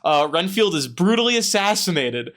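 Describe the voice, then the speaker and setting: A man's voice: high-pitched, big pitch swings, normal speed, fairly bright tone. A man hosting a casual book podcast, swearing a lot and joking as he sums up the chapter. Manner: profane, jokey, acts out characters in quotes. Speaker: podcast host.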